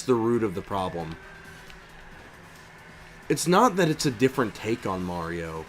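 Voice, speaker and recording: Animated young man chatting while gaming. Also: medium pitch. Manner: animated and opinionated, rambling with fillers and restarts. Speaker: streamer and voice impressionist. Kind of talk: casual chat while gaming.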